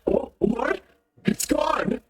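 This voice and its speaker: A woman voicing a creepy, stiffly polite male badger mascot through a demonic voice changer, in a breathy, whispery manner. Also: very slow, music in the background. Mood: creepy puzzled.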